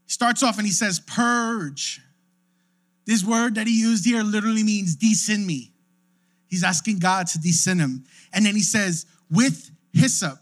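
Speaking a bit slowly in a high voice, a young male pastor delivers his sermon casually, frequently tossing in "right?" to check that the listeners are with him.

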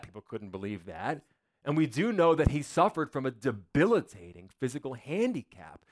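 A male pastor preaching a sermon in a church, in a conversational, joking way full of rhetorical questions. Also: medium pitch.

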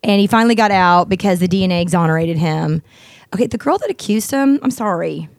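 A woman's voice: lowish voice, fast talker, vocal fry, no room sound. A blunt, outspoken middle-aged woman hosting a casual talk show, chatting with her co-host. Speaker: podcast host. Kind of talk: casual chat.

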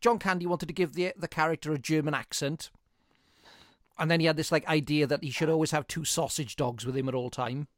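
A man's voice: on the high side, fairly even intonation, brisk, no echo, studio quality. A man hosting a podcast, chatting enthusiastically about a film and rambling through restarts. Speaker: podcast host. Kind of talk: casual film chat.

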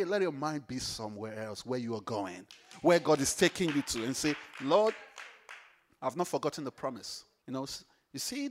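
A man preaching a sermon, animated, repeating phrases for emphasis and swinging from hushed to loud. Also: fairly high pitch.

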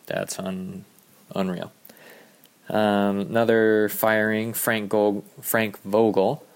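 A man with a deep, gravelly voice hosts a casual sports podcast. He talks in a loose, rambling way, full of ums and quick asides. He sounds a little out of breath. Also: a little mellow. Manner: rambling, offhand, many ums. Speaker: podcast host.

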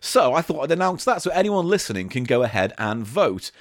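Lively bantering English podcast man. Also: fairly high pitch, brisk, no echo, studio quality. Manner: swearing, bantering, playful storytelling. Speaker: podcast co-host. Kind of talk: casual comedic podcast banter.

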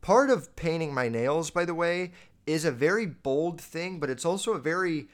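Blunt, swearing young man, slightly high voice. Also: moderate pace. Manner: blunt and animated, swears constantly. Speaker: vlogger reading viewer comments. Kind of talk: casual unscripted monologue.

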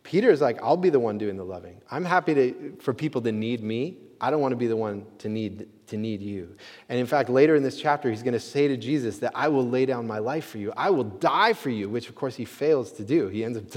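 A man's voice: medium pitch, expressive, fairly quick, a little mellow. A man preaching a sermon as pastor, earnest and conversational, with frequent fillers like "you know" and "uh.". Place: church sanctuary. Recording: long hall reverb.

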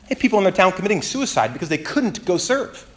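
A male pastor delivers a conversational sermon, his fairly high voice swinging widely up and down as he talks. He is animated and playful, tossing in asides and asking the congregation to answer back. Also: quick pace. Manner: asks the congregation for responses.

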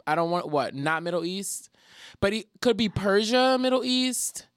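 Animated young man telling a story. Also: high-pitched, moderate pace, no echo, studio quality. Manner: animated, profane, acts out quotes. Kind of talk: casual storytelling.

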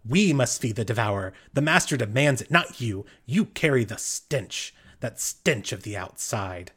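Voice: medium pitch, lively intonation, unhurried, a bit bright, slightly rough. A man voicing a male goblin cult leader who speaks in stern, fanatical threats. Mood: threatening.

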